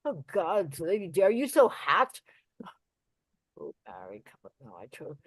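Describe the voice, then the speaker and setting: A woman's voice: on the low side, huge pitch swings, a little slow, breathy edge, no echo, heavily acted. Woman reading a fussy old chattering nurse. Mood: complaining. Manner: rambling, theatrical groans and big swings in volume. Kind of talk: Shakespeare play reading.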